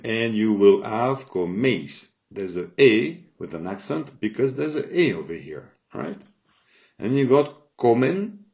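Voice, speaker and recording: Slow man teaching grammar, lo-fi sound. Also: medium pitch, a little mellow. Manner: slow, repeats forms, checks in with "all right?". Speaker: Spanish teacher. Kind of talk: explaining grammar from a chart. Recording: dull lo-fi sound.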